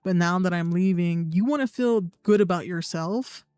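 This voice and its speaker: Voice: medium pitch, normal speed, darkish tone, smooth, no room sound. A young adult livestreamer, in blunt, profane, sarcastic casual chat. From United States. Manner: sarcastic, mocking mimicry of others. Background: faint background music.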